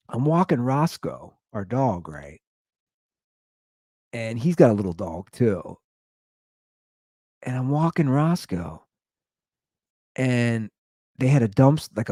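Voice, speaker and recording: A man hosting a podcast, telling comic neighborhood stories in an animated way, laughing and acting out the people he quotes. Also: mid-range voice, no echo, clean studio sound. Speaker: podcast host. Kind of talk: comedic storytelling rant.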